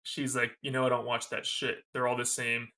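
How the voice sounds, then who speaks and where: A man's voice: mid-range voice, completely flat delivery, moderate pace, sharp tone. A man co-hosting a podcast, recapping a movie scene in casual chat, quoting its lines and laughing often. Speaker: podcast co-host.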